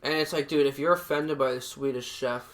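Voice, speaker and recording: A man's voice: mid-range voice, fairly even intonation, brisk, a crowd in the background. A man co-hosting a podcast in casual chat, blunt, profane and dismissive. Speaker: podcast co-host.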